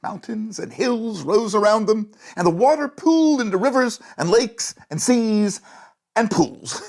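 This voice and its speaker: A storyteller reading a bedtime story aloud in a gentle, animated way, with a gravelly, breathy voice. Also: mid-range voice, a little slow.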